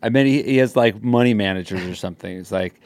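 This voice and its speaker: A man's voice: on the low side, fast, darkish tone, no echo. A man co-hosting a comedy podcast in casual chat, wry and teasing, thinking aloud and restarting his sentences. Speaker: podcast co-host.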